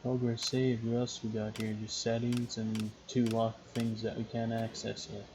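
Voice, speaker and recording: A man's voice: medium pitch, completely flat delivery, moderate pace, background noise. A young man hosting a gaming channel, who reads on-screen game text aloud and comments casually as he plays. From Canada. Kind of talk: casual let's-play commentary. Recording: dull lo-fi recording with faint game music.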